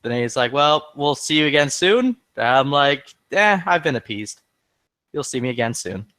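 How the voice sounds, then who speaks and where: A man's voice: medium pitch, moderate pace. Profane man telling a heated story. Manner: profane, heated, animated retelling with quoted dialogue. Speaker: podcast regular. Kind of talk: casual chat, storytelling.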